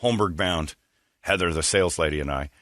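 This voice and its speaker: A man's voice: low voice, a little fast, fairly bright tone, dry recording, studio quality. A middle-aged man hosting a morning radio show, rambling through stories with crude jokes. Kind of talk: casual morning radio banter.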